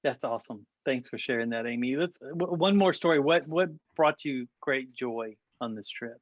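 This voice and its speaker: A man's voice: medium pitch, moderate pace, dry recording, lo-fi sound. A man hosting a casual church podcast, interviewing a mission team with brief, encouraging replies.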